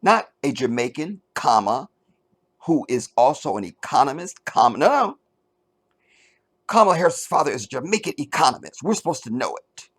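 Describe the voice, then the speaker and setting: A middle-aged man hosting a commentary show, reading an article aloud and mocking it with sarcasm, jumping between loud outbursts and low mutters. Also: big pitch swings, normal speed, breathy edge. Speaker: commentary channel host.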